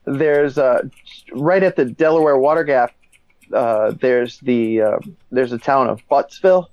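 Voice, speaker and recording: A man's voice: mid-range voice, a little slow, a little mellow, no echo. Joking rambling man, muffled call audio. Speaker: guest. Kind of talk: casual chat.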